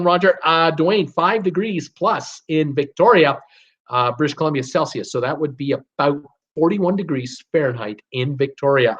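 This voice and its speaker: A middle-aged man hosting a casual live show, talking with lots of fillers and reading viewer comments aloud. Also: a little high. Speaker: host of a live cruise show. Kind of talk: casual live-stream chat. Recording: dull lo-fi stream audio.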